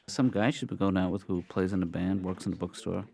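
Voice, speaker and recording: A middle-aged man voicing a mild-mannered therapist father in a cartoon, calm and dry with small hesitations. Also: sits low, fairly quick, gravelly. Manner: calm, dry, gently awkward.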